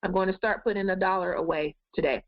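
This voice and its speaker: A woman's voice: fairly low pitch, fairly even intonation, quick pace, no room sound. Woman life coach, encouraging webinar host, muffled dry webcam sound. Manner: encouraging, addresses viewers directly. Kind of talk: live goal-setting webinar talk.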